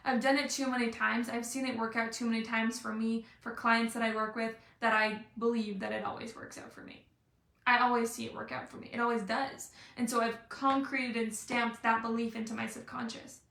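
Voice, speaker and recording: A woman's voice: a little high, level tone, fairly quick, creaky, a bit bright, roomy sound. A young woman coaching viewers in a live video. She talks in a bubbly, playful way and acts out little scenes. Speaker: life and business coach. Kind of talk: motivational live video talk.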